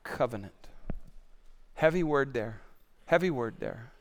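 A man delivers a sermon in a high, smooth voice with a resonant ring. He is animated and conversational, rising to loud emphatic bursts and then dropping to quiet, solemn passages. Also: normal speed. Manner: animated, swings from loud to hushed. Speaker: pastor.

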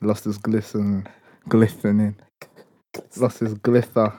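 A man's voice: lowish voice, flat delivery, slow, mellow. A young man, co-hosting a casual podcast chat, joking in a mock-serious way. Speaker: podcast co-host. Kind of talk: casual banter.

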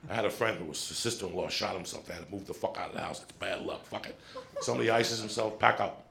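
A middle-aged man with a deeply gravelly, bright and forceful voice, doing stand-up storytelling. He talks in an animated, profane rush and keeps tossing "right?" to the crowd. His delivery is loose and conversational. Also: quick pace, slight background noise. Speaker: stand-up comedian. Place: comedy stage with audience.

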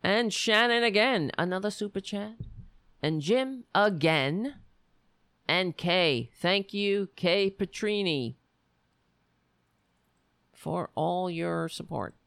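Livestream host, unhurried and gravelly, thinking aloud over the chat feed; dry close sound. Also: medium pitch, expressive, fairly bright tone, no room sound. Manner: slow, musing, halting as they read comments aloud.

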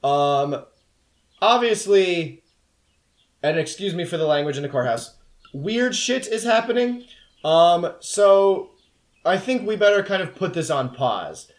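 A man playing a hesitant male investigator addressing a judge, halting and full of ums. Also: high voice, lively intonation, roomy sound, voice pushed up. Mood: nervous.

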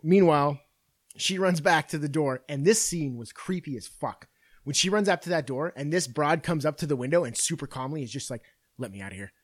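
A man's voice: on the high side, moderate pace. A man hosting a podcast, recapping a film in casual, profane chat and acting out quoted lines. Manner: profane, animated storytelling with acted quotes. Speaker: podcast host.

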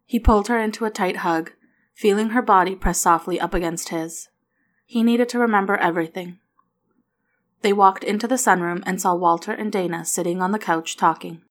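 A woman narrating a story aloud in an even, steady manner. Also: medium pitch, moderate pace.

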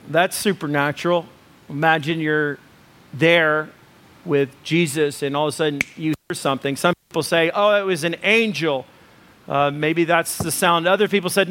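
A pastor delivers a sermon in a voice pitched high for a man. His talk is loose and conversational, full of ums, and it builds into emphatic repeated phrases. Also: a bit bright. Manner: conversational preaching with fillers, rising to emphatic lists.

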